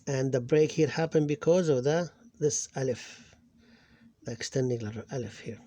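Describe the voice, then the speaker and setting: A man's voice: mid-range voice, moderate pace, dark tone, no room sound. A man teaching an Arabic phonics lesson, sounding out syllables one at a time with patient explanations. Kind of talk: slow reading lesson.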